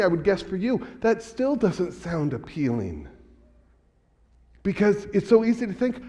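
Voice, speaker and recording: A man's voice: high-pitched, a little mellow, in a large hall. A man pastor preaching a sermon in a casual, conversational way, retelling scripture in everyday speech.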